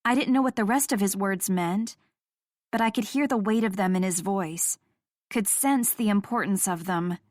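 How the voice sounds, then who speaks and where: A woman narrating a first-person romance audiobook in a measured, emotional reading. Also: mid-range voice, darkish tone, dry recording, studio quality.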